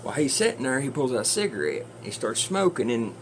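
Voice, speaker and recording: A man's voice: mid-range voice, very animated, fast talker, a little hiss or hum. A man casually retelling a movie plot in a chatty, rambling way, with some swearing. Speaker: movie reviewer.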